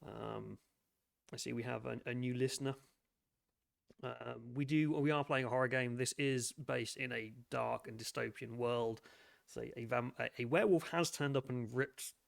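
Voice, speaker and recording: A man's voice: mid-range voice, vocal fry. A man running a tabletop horror game as game master, talking with lots of hesitations and restarts. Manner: hesitant, many fillers and restarts.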